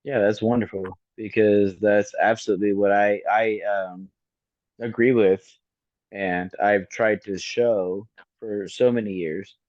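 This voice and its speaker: A man's voice: on the low side, fairly even intonation, a little slow, a little mellow, no room sound, highs cut off. A man in his forties co-hosting a podcast in casual chat, effusive, emphatic and freely profane. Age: 40s. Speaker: podcast co-host.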